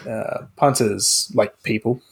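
A man's voice: fairly low pitch, steady tone, slow pace, creaky, slightly rough. An Australian man co-hosting a podcast, casually explaining slang with lots of fillers. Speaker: podcast co-host. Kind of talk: casual chat.

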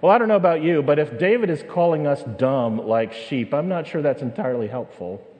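A man preaching a sermon with humor, dramatic pauses and rising questions. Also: fairly high pitch, animated, darkish tone. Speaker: pastor. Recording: long reverb of a large hall.

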